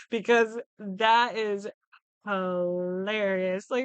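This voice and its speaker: A woman's voice: mid-range voice, measured pace, fairly bright tone, smooth, no room sound. A young woman hosting a podcast, chatting casually and animatedly, swearing freely and acting out the characters' lines as she recaps. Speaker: podcast host. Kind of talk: casual chat recapping shows.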